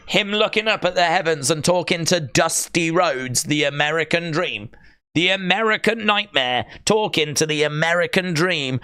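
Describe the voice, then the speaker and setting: A man hosting a live watch-along stream, chatting casually in an excitable, rambling way and answering viewers' messages. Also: fairly high pitch, moderate pace, clear, resonant tone, dry recording, clean studio sound.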